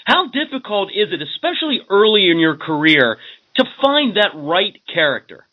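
A man with a high voice and a lively, rising and falling pitch asks long, measured questions as host of a radio interview. He sounds thin and tinny, as if heard over a phone line.

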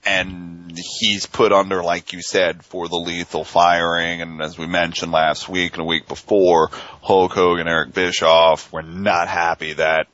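A man's voice: sits low, flat delivery, measured pace, hardly any pauses, a bit bright, no echo, muffled recording. A man hosting a casual wrestling talk show, asking rambling questions full of fillers. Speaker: podcast host.

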